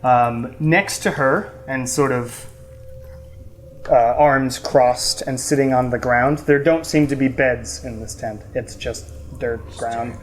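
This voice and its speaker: A woman narrating as game master of a tabletop game, pausing often with ums as she describes scenes. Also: very deep voice, a little hiss or hum. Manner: hesitant, many ums.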